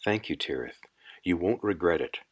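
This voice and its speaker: A man's voice: low-pitched, expressive, moderate pace, slightly rough. A man reading an audiobook, voicing a stern male prison guard who speaks curtly.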